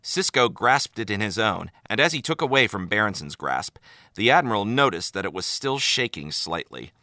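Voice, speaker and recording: A male narrator reading a story with lively, expressive delivery. His voice is lowish but bright, recorded close and dry. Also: normal speed, no echo. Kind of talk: audiobook narration of fan fiction.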